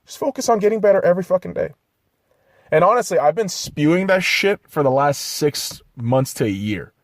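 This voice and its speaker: A man's voice: high voice, lively intonation, fairly quick, no echo, studio quality. A man hosting a solo podcast, ranting profanely and criticizing himself between blunt pep-talk asides. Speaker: podcast host.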